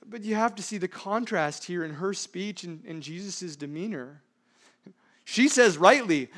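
High-pitched pastor guy preaching, asks lots of questions, gets loud then drops real quiet. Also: animated, a little slow. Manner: emphatic preaching, rhetorical questions, swings between loud and hushed. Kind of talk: sermon.

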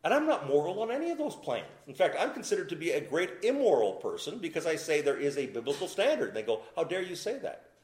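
A man delivers a sermon with a lively, rising and falling voice that sits slightly high for a man. He builds to loud, emphatic peaks, then drops to low, quiet asides. His voice carries a roomy echo, as in a church sanctuary. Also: fast, few pauses. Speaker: pastor. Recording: echoey room.

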